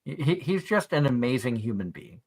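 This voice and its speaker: A man's voice: mid-range voice, sing-song, a little fast, breathy edge. A man from near Boston with a Boston accent, co-hosting a casual chat and telling rambling stories. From Massachusetts, near Boston. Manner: chatty, rambling anecdotes with restarts. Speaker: podcast co-host.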